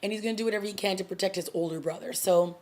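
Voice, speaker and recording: A woman's voice: mid-range voice, steady tone, very fast, a little mellow. A young adult woman casually recapping and reviewing a TV episode in a chatty way, full of fillers like "like" and "you know.". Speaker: TV review vlogger.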